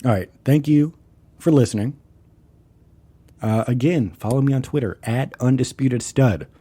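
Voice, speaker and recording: A man's voice: medium pitch, moderate pace, dark tone, husky, no echo. A man hosting a solo podcast, talking casually, rambling and swearing a lot with enthusiasm. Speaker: podcast host.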